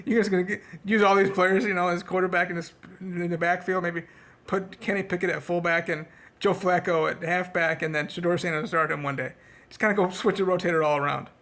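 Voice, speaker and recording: Sarcastic male sports vlogger, rambling fan rant, swings into high mocking tones. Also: gravelly, fairly bright tone. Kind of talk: casual sports rant to camera.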